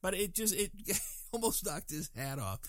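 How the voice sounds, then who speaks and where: A man's voice: high-pitched, sing-song, unhurried, a bit bright, no echo, clean studio sound. An older man from Colorado telling a rambling, self-deprecating story and acting out the voices of people in it. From Colorado, USA. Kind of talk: casual spoken anecdote.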